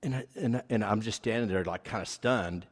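In an echoey hall, a man with a fairly low voice speaks at a moderate pace. He delivers a sermon as a personal testimony, earnest and rambling, full of fillers as he tells his story.

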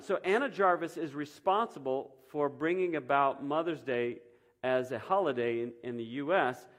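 A man preaching a sermon in a church, conversational and loose, with frequent ums and restarts. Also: medium pitch. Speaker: pastor.

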